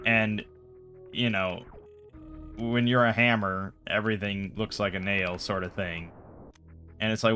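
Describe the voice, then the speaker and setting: A man's voice: on the low side, steady tone, a little slow, long pauses, sharp tone, soft background music. A man hosting a casual chat show, retelling a game session in a rambling, exasperated way. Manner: rambling, exasperated storytelling with many fillers. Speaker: podcast host.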